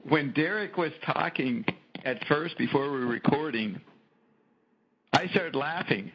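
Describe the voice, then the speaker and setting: Middle-aged male host, gravelly and husky, very lively delivery, profane casual storyteller. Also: on the high side, unhurried, low-quality recording. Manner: animated storyteller, frequent profanity. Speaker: podcast host. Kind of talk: casual conversation.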